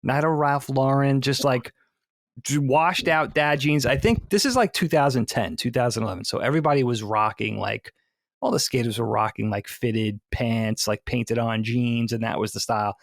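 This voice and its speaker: A man from the Philadelphia area telling an animated story in casual podcast chat. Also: medium pitch, creaky, no echo, studio quality. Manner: animated storyteller, quick asides. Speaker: podcast co-host.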